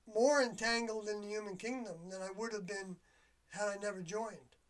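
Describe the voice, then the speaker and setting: An older livestream host, talking alone in a loose, confiding monologue, with mid-range pitch. The speech comes in halting, trailing phrases as the speaker searches for words. The voice sits a little back from the microphone. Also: fairly even intonation. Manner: reflective and confiding. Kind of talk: rambling solo livestream monologue. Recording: voice a bit distant from the mic.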